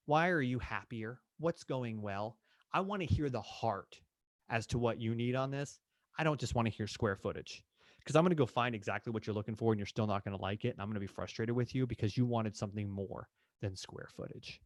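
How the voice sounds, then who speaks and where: In a live online session, a man with a fairly low-pitched voice coaches real estate agents, energetically acting out dialogue between client and agent. The studio-quality recording has no room sound.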